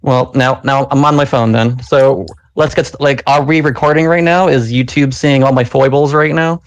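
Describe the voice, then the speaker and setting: Casting note: chatty male host, mid pitch, dry close sound, talks loosely with plenty of ums. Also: steady tone, moderate pace, dry recording. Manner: loose, filler-heavy, chatty. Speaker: podcast host. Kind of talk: casual live audio chat.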